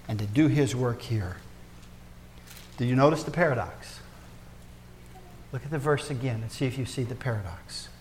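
A man preaching a sermon as pastor, folksy and joking with the congregation, swinging between loud emphasis and soft, hushed asides. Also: medium pitch, animated, moderate pace, long pauses. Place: church.

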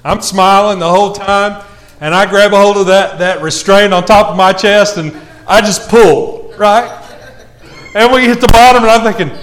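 Preacher guy, kinda high voice, animated self-mocking storytelling in a sermon. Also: normal speed.

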